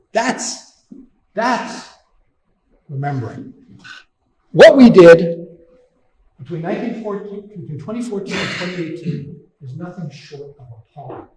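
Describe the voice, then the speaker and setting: Speaking in a hall full of echo, a guest lecturer from Canada presents slides with fervent indignation, repeating himself for emphasis. The mic catches his fairly high voice from a distance, and a faint hiss runs underneath.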